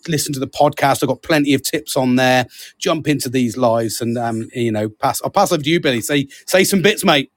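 A man's voice: mid-range voice, a little fast, no echo, studio quality. A British man hosting a casual podcast, chatty, laughing often and calling his co-host mate. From Britain.

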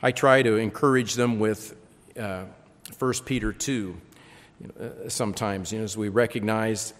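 A man preaching a sermon, reading scripture aloud with lively emphasis and frequent repeated words. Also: lowish voice, measured pace. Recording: long reverb.

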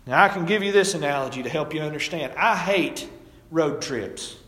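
A middle-aged man preaches in a plain, folksy storytelling way, his voice a touch on the high side. The sound rings around a large church sanctuary, with a long, echoing tail. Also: moderate pace, fairly bright tone. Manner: folksy, storytelling preacher with rising and falling emphasis. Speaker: pastor. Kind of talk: sermon. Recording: echoey hall, distant mic.

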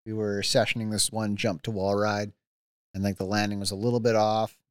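A man's voice: fairly low pitch, level tone, fairly quick, clean tone, no room sound. Laid-back male biker, dry sound. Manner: laid-back, many likes and restarts, laughs often. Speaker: podcast guest, freeride mountain biker. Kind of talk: casual chat.

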